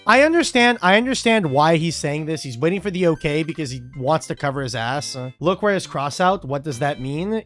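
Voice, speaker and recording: A young man speaking a little high, talking casually on stream with sarcastic, exasperated asides and plenty of swearing. He sounds fed up with the players he is judging. Soft music plays faintly behind him. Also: very animated, a little fast, hardly any pauses. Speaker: online game judge and streamer.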